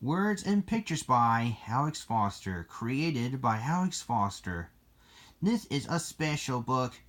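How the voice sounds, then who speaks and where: A reader narrating a children's storybook in a slow, deliberate way. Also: medium pitch, very animated.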